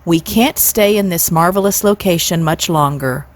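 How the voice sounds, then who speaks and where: A woman's voice: on the low side, normal speed, natural voice. A woman doing a pompous, long-winded father swan. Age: 60s. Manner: long-winded, formal, flowery speech. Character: stately pompous father swan, male, grand talker.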